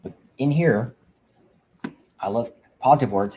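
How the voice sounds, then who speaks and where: A man talks fervently on a livestream, his low, mellow voice circling back through restarts as he preaches to fellow veterans. Faint noise sits under his computer mic. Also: moderate pace, rough recording. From Indiana. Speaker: veteran advocate host. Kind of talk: livestream talk.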